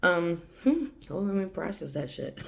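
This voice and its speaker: A channeler, an adult woman with a young daughter, talks to camera in a rambling, casual monologue, laughing often and sometimes dropping to a whisper. Her lowish voice is sing-song and creaky with a fairly bright tone, at normal speed.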